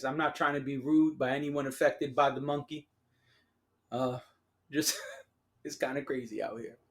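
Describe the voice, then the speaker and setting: Solo podcast host, mid-pitched voice, sarcastic and slangy, riffs casually straight to the listeners. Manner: sarcastic, laughs at own remarks; slangy, addresses listeners as y'all.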